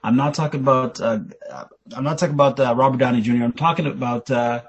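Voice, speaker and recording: A man's voice: medium pitch, quick pace, husky. A middle-aged man in casual podcast chat, explaining with a fan's enthusiasm. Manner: enthusiastic fan, explaining with rising excitement.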